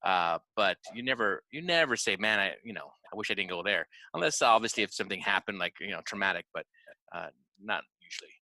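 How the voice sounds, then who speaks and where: A man's voice: on the low side, lively intonation, pushed and bright, dry recording, poor audio. A man co-hosting a podcast, chatting eagerly about travel. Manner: eager, talks in quick bursts of enthusiasm. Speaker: podcast co-host. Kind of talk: casual chat.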